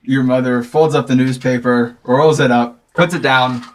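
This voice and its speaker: A man narrating a scene as game master in a playful, animated way. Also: mid-range voice, normal speed.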